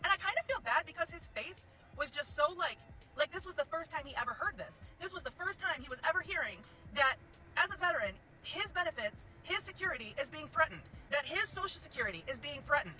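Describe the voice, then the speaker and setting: Quick, high, bright-voiced woman, profane animated storyteller. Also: soft background music, rough recording. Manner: animated and profane, acts out both sides of a conversation. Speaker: veteran telling a story. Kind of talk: casual storytelling.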